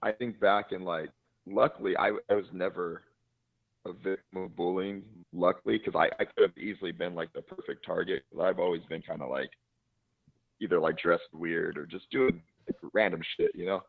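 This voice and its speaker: Co-host, male, low voice, rambling and profane, heard through a tinny phone-like line. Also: steady tone, moderate pace, vocal fry. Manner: rambling, swears freely, laughs often. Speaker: podcast co-host. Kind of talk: casual chat.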